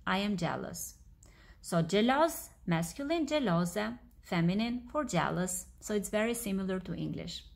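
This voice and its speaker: A woman with an Albanian accent teaching her language, explaining words slowly and repeating them. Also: medium pitch, lively intonation, gravelly. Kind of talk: language lesson reading a story aloud.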